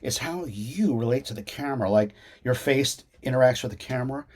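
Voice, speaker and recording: A man of middle pitch answers interview questions over a video call. He talks in a lively, animated way, stops and restarts often, and sounds like an actor who also teaches. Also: a little fast. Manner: animated, many restarts and fillers.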